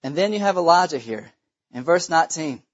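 A man's voice: on the high side, lively intonation, fairly quick, highs cut off. A man preaching a sermon in a church, impassioned, repeating phrases for emphasis. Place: church sanctuary.

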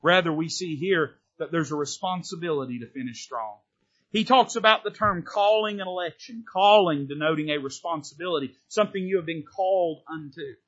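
A pastor preaching a fervent sermon from the pulpit, pushing harder on key points in a folksy style. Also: male voice, fairly high pitch, a little fast, fairly bright tone. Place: church sanctuary from the pulpit. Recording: dull, lo-fi sermon recording.

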